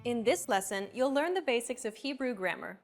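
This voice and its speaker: A woman's voice: fairly high pitch, lively intonation, fairly quick, faint music behind. Upbeat woman hosting a language lesson. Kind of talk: scripted lesson narration.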